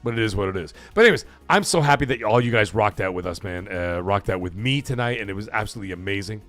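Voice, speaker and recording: Animated, cursing stream host man. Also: fairly low pitch, fast talker, faint music behind. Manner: profane, rambling, animated. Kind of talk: casual live stream chat.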